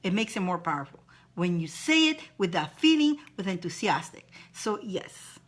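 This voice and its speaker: Woman, spiritual advice host, live-stream chat, encouraging, repetitive, lively pitch. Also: normal speed. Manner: repetitive, encouraging, reads viewer comments aloud.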